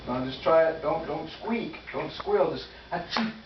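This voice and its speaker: A man's voice: on the high side, moderate pace, distant mic. A man in casual chat at home, coaxing and encouraging in an easygoing way. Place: home room. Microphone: far-off camcorder mic. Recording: dull, noisy, echoey home video from afar.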